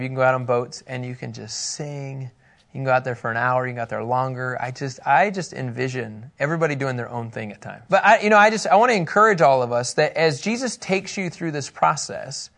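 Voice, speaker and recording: Gravelly, animated male Bible teacher. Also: medium pitch, fairly quick. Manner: animated, laughing, acting out scripture quotes. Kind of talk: casual Bible lesson.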